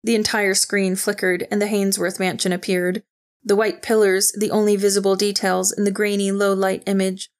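A woman reading a novel aloud in steady, even storytelling narration. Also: medium pitch, gravelly. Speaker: audiobook narrator. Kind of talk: scripted narration.

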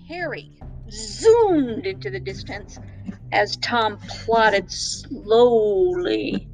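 Slow, lively woman reading to kids. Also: on the high side, faint music behind, poor audio. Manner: expressive, playful, speaks to children. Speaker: children's storyteller.

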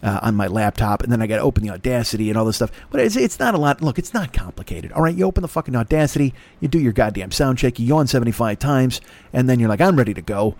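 An older man riffs at a rapid clip in a profane, rambling monologue, poking fun at himself as he goes. His voice is mid-pitched and sits close and dry on a laptop microphone, with no room sound around it. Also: a little mellow, no echo. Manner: profane, rambling, self-mocking. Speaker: podcast host. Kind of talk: solo comedic rant.

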